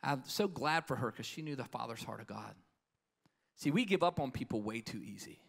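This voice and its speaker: A man preaching a live conference sermon, swinging passionately between hushed tones and booming declarations. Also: animated, moderate pace, vocal fry, pauses often. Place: conference stage before a crowd.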